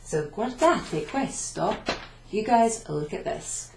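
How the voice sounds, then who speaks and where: A woman's voice: mid-range voice, animated, takes it slowly, creaky, background noise. A woman teaching a beginners' language class, explaining step by step with fillers. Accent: British. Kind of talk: classroom lesson at a whiteboard. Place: class room in a venue. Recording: echoey room.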